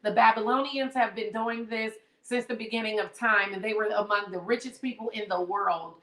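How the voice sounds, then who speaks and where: A woman hosting a live-streamed book lesson, retelling a story in an animated way, reading passages aloud and asking her viewers questions. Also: mid-range voice, normal speed, roomy sound. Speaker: online book study host.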